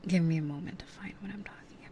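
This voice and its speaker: A young woman whispers casual chat right up against a binaural ASMR mic. Her voice sits a little low for a woman, and she wanders loosely from thought to thought with plenty of fillers. A faint hiss runs underneath. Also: fast, dull audio. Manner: soft whispering, rambling with many fillers. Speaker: streamer. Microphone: close binaural ASMR mic.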